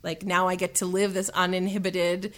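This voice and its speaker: A woman's voice: on the low side, little pitch movement, moderate pace. A young woman chatting as an interview guest, talkative and cheerful, laughing often and using many fillers. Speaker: musician and voice actor guest. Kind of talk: casual interview chat.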